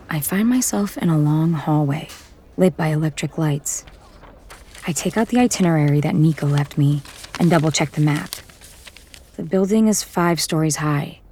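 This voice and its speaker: A woman narrating an audiobook in the first person, in a measured, intimate way. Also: low-pitched, dark tone, slight background noise.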